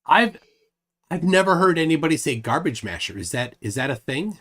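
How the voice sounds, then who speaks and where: A man's voice: on the high side, big pitch swings, brisk, a bit bright. A man hosting a casual live stream, reading viewer comments aloud and teasing his guest dryly. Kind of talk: casual livestream chat.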